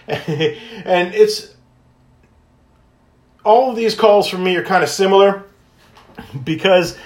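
A man hosting a podcast, telling stories in a casual, high-energy way, laughing often and acting out phone calls. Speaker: podcast host and wish granter. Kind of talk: casual storytelling monologue. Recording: echoey room.

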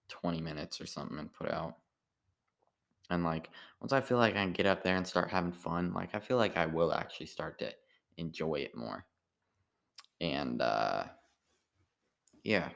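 Tired, gravelly deep-voiced man rambling. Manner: meandering, halting, full of restarts and filler. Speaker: amateur stand-up comedian. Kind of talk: rambling casual monologue.

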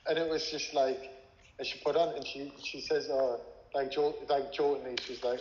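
A man's voice: mid-range voice, fairly even intonation, moderate pace. A man telling a personal story as an interview guest, rambling, swearing and full of filler words. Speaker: interview guest, former music manager. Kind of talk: casual storytelling. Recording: echoey room with long reverb, dull lo-fi sound.

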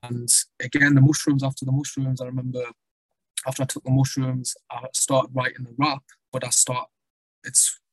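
A young man with a North East English accent tells rambling stories in a relaxed guest chat, swearing casually. His pitch stays flat and even as he talks. The recording is dry and close, with no room sound. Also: moderate pace, dry recording, low-quality recording. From Sunderland, North East England. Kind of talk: casual conversation.

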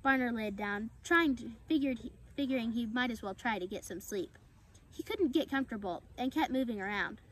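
A woman reads a children's animal story aloud in a clear, steady way. Her voice sits a little on the high side. She keeps an even storytelling flow. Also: brisk, rough recording. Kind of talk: storybook read-aloud narration.

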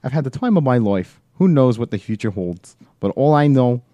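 Guy doing a bad cockney impression of an upbeat young british actor, pitched up, dry sound. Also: expressive, normal speed, dark tone, no room sound, close to an everyday voice. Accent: put-on Cockney British.

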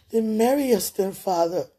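A woman on a livestream, speaking aloud to God and a loved one in an emotional, prayerful monologue that swings between tearful and soft. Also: mid-range voice, breathy edge.

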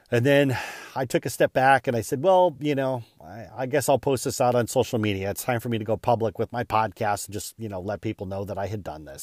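A man hosting his own podcast, telling a casual, self-deprecating story with lively retelling and many restarts. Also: mid-range voice, no room sound, studio quality. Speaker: podcast host.

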